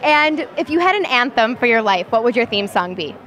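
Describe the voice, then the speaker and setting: A woman's voice: on the high side, lively intonation, a little fast, fairly bright tone. A woman from Chicago hosting a red carpet interview, asking upbeat questions outdoors. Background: crowd chatter.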